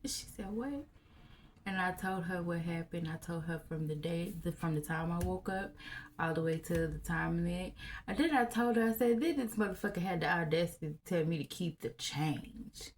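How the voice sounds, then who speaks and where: A woman, telling a personal story in a blunt, profane, animated way. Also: fairly low pitch, moderate pace, slight background noise. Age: 30s. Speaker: vlogger. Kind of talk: candid storytelling to camera.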